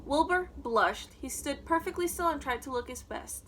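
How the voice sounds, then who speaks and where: Bright-voiced woman reading a storybook aloud. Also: high voice, expressive, normal speed, slight background noise, rough recording. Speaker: storybook reader for children. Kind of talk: reading a children's book aloud.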